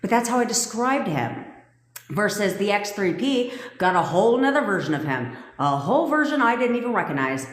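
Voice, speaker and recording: Her medium-pitched voice swings widely in pitch at a normal speed. She's a sassy manifestation coach who swears freely, laughing through a personal story on a relaxed livestream in a room with long, echoey reverb.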